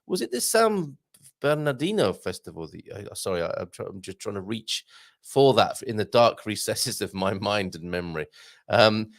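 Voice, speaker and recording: Gravelly, rambling male livestream host. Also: on the low side, normal speed. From England. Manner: rambling, self-interrupting, chatty with bursts of excitement. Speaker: host reading viewer comments. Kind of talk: casual livestream chat.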